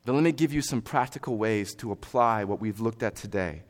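A young man preaching a sermon, earnest and conversational with fillers, building to forceful exhortation. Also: on the low side, fairly quick.

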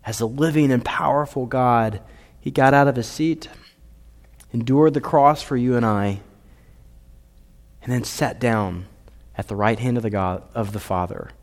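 A man preaching a sermon as a pastor, earnest, rising to emphatic points and dropping to soft, quiet lines. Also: mid-range voice, unhurried, pauses often. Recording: long reverb of a hall.

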